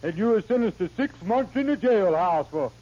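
A man playing a folksy small-town court judge in a 1930s radio comedy, with drawling dialect speech and a husky voice. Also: high voice, expressive, normal speed, dark tone. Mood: pompous. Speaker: comic sketch actor. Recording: muffled old radio recording.

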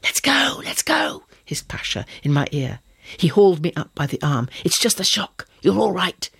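A man's voice: on the high side, expressive, moderate pace, vocal fry, slightly rough, no echo, clean studio sound, full character voice. A man doing a teasing young suitor, whispering. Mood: urgent. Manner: urgent whispers, then gentle teasing.

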